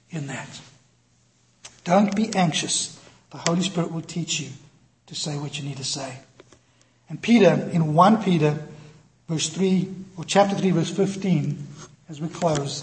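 A male pastor preaching a sermon, telling a personal story in an animated, self-deprecating way and acting out the voices in it. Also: fairly high pitch, a little hiss or hum. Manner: animated, self-deprecating, acts out quoted dialogue. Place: church.

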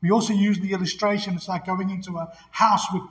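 High-voiced pastor preaching. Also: male voice, little pitch movement, fast talker, a bit bright. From South Africa. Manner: call-and-response, emphatic, laughs easily. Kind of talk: sermon. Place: church sanctuary. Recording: long church hall reverb.

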